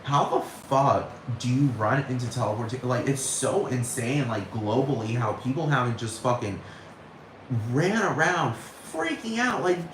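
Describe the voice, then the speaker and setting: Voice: mid-range voice, expressive, moderate pace. A speaker ranting in a casual monologue, swearing constantly and rambling with many "like"s and "dude"s. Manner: heavy swearing, rambling and exasperated; repeats phrases, many fillers like "like" and "dude". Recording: echoey room with faint background noise.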